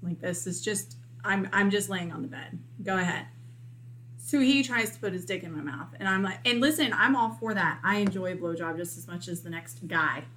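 A woman telling a candid personal story in casual chat, animated and acting out what people said. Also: fairly low pitch, moderate pace, a little hiss or hum. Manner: candid, animated, acts out quotes.

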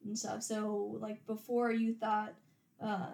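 A woman's voice: medium pitch, completely flat delivery, slow pace, creaky, darkish tone, reverberant. A woman in her thirties chatting candidly about motherhood, her voice raw and on the verge of tears, swearing freely and trailing off her sentences. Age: 30s. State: voice raw from holding back tears. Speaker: podcast guest, mother of young girls. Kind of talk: casual chat.

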